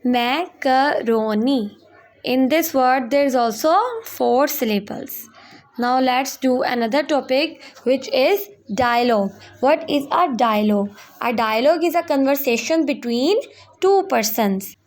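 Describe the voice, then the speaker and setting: A young woman teaches a school lesson in a high, clear voice. She draws out each example word slowly for the pupils. Her explanations in between come quickly. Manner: slow, drawn-out words for pronunciation practice; switches quickly between English and Hindi explanations. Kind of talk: classroom lesson video.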